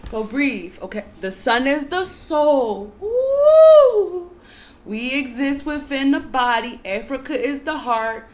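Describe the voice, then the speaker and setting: A woman teaches on spiritual matters at an easy pace, elongating her words in a fairly high voice. Her tone is coaxing and calming, full of repeated "breathe" and "calm down," and it rises into emphatic bursts whenever she reaches a key point.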